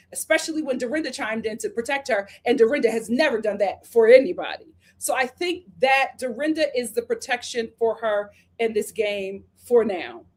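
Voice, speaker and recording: Lady doing a live reality tv recap, kinda high voice, super animated, acts out what everyone said. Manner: animated, acts out cast members' lines. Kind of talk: live show review.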